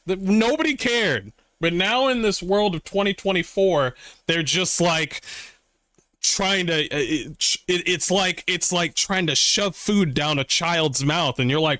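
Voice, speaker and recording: Excitable, foul-mouthed male streamer. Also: sits high, unhurried, no room sound, studio quality. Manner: excitable, swears often, mocks with voices. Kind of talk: profane reaction commentary. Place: his room.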